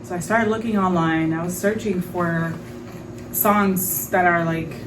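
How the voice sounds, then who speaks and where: Brief: woman podcast host, fairly low voice, frank and animated storytelling, faint hiss behind her. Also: a little slow, distant mic. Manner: animated, frank, swears, many fillers. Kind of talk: casual storytelling monologue.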